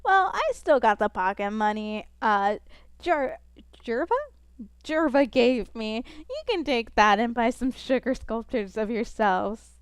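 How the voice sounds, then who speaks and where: A woman voicing a polite, earnest little child while reading game dialogue aloud, with a hesitant, halting delivery. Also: fairly high pitch, animated, clean tone, no echo.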